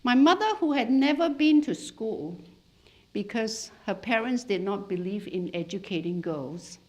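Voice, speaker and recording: A middle-aged woman from Malaysia lecturing a class as a hypnotherapist. She tells stories in an animated way, her pitch swinging widely as she goes. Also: measured pace, dull audio. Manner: storytelling, lively and animated, with laughs. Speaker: hypnotherapist giving a talk.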